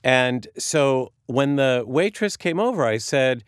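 Earnest radio host, dry studio sound. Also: male voice, mid-range voice, expressive, takes it slowly, clean tone, no echo. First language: Sicilian. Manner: earnest, emotional, frequent restarts. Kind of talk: heartfelt storytelling talk show.

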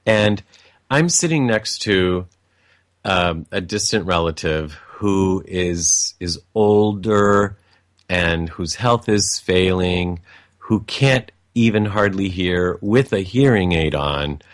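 A man's voice: deep voice, slow pace, dry recording, studio quality. A man telling a personal family story in a reflective, meandering way, with frequent restarts and asides.

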